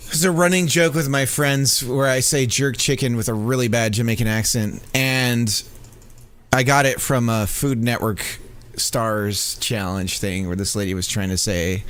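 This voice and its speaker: A man's voice: medium pitch, fairly even intonation, a little slow, fairly bright tone, clean tone. A man streaming while he codes a game, chatting casually with his viewers, joking and laughing often. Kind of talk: casual livestream chat while coding.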